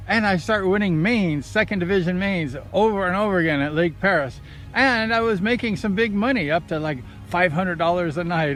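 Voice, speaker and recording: Brief: older man from Southern California, high voice, rambling excited storyteller, faint music behind. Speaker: vlogger recounting racing days. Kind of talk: casual storytelling.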